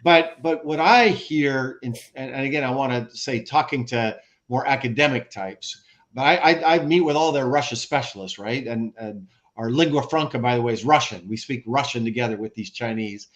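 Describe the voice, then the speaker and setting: An American man speaking as a podcast guest, explaining at length in an animated way, listing examples and often restarting his sentences. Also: medium pitch, moderate pace. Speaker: guest, former ambassador and author. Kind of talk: conversational podcast interview.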